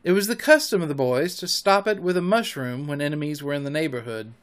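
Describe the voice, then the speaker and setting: A man narrating a children's classic in an audiobook, with an expressive storybook reading. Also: on the high side, fast talker.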